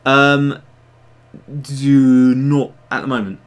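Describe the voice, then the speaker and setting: A man hosting a casual livestream and chatting with viewers. He rambles, restarts his sentences and leans on fillers. His voice sits at a middling pitch. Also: very slow, clear, resonant tone. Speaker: livestream host and digital sculptor.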